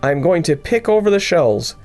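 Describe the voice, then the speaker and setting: A man voicing a kindly elderly grandfather in a storybook reading, gentle and knowing. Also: fairly high pitch, expressive, normal speed, soft background music, pitched above the performer's own voice, lightly acted. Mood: warm.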